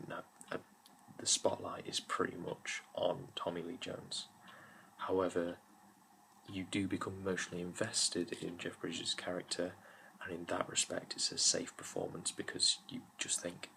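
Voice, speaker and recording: A man's voice: sits low, completely flat delivery, normal speed, gravelly, bright, forceful tone, a little hiss or hum, low-quality recording. A young man giving a casual, rambling film review on his channel, full of fillers and restarts.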